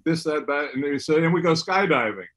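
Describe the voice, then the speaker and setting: A man's voice: a little high, expressive, fast, a bit bright, husky, poor audio. A middle-aged man, a former basketball player, talking candidly and with self-deprecation about his recovery. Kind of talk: casual conversation.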